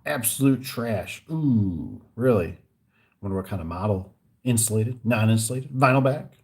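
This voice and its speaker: Animated man telling work stories. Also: fairly low pitch, moderate pace. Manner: animated storyteller, acts out both sides of phone calls. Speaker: garage door and gate installer. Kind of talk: casual vlog rant.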